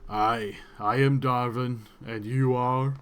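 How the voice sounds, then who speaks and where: A man voicing a stone-faced, middle-aged guild logger boss who speaks slowly and curtly. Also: mid-range voice, fairly even intonation, a bit bright, clean tone. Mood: stern. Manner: slow, unmoved, curt.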